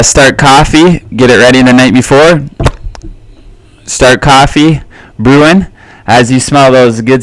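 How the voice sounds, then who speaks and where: A man hosting his own solo podcast, talking casually in a relaxed, rambling way with lots of fillers and little chuckles. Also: medium pitch, no echo. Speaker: podcast host.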